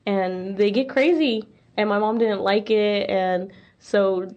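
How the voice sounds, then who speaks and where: A woman co-hosting a podcast, telling relaxed stories in casual chat. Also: mid-range voice, slow pace, muffled recording. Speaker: podcast co-host.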